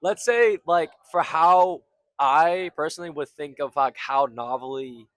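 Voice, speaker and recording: A man's voice: a little high, a little slow, a bit bright, no room sound. A young man, a band member, talking casually in an interview with loose, filler-filled phrasing. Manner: loose, filler-heavy, joking.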